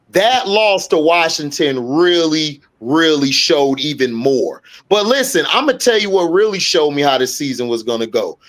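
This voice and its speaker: A man co-hosting a casual sports talk show, ranting in an animated, profane way. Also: fairly high pitch. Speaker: sports podcast co-host.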